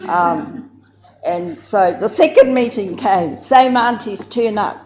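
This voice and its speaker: A woman's voice: mid-range voice, takes it slowly. Reflective New Zealand woman giving a talk. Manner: thoughtful, searching for words, many "you know"s; lively and amused when telling anecdotes. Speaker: speaker at a research gathering.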